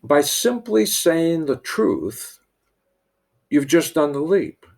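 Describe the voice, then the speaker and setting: Gravelly, halting priest telling a parable. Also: male voice, on the high side, big pitch swings, a little mellow. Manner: many restarts and repeated words. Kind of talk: storytelling with a sermon-like lesson.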